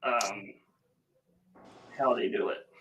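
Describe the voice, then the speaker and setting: Speaking slowly in a fairly low, steady, slightly bright voice, a man hosts a laid-back livestream where he rambles through a family story full of fillers and welcomes viewers by name. There's slight background noise, and the recording is low quality.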